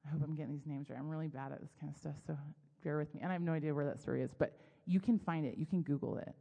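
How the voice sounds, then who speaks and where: A woman's voice: sits low, racing, vocal fry. A middle-aged woman giving a casual, self-deprecating sermon full of personal stories. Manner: chatty, self-deprecating, animated storytelling. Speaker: speaker at a church gathering. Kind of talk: conversational sermon. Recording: long hall reverb.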